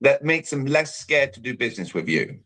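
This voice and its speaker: A man's voice: medium pitch, very animated, a little fast, sharp tone. A British man giving an emphatic coaching talk on a live show over a video call, punctuating points with "all right". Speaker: communication coach, guest.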